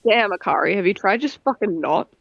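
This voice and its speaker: A woman with an Australian accent and a lively, rising-and-falling voice, teasing her co-host with sarcastic jokes. The dry, dull mic gives her a lo-fi sound. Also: mid-range voice, brisk, gravelly, slightly rough, dry recording. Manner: teasing, sarcastic, laughs a lot. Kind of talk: casual banter.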